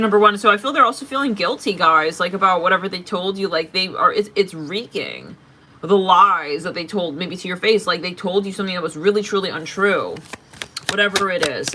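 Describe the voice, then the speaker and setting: A woman reading tarot cards for her audience in a loose, chatty way. Her voice is bright and forceful, and she is blunt and openly exasperated, with plenty of swearing thrown in. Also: fairly low pitch. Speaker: tarot reader. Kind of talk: casual tarot reading to camera.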